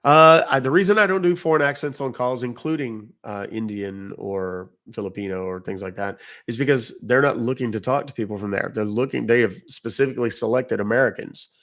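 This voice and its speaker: This English livestream host answers viewers in a casual, rambling chat, often interrupting himself. He has a British accent and a mid-range, slightly bright voice, talking fairly quickly with hardly any pauses.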